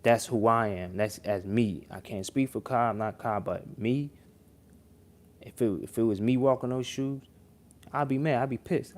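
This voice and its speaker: A man's voice: medium pitch, moderate pace, darkish tone. A young man hosting a livestream, giving casual, rambling reaction commentary full of slang and restarts.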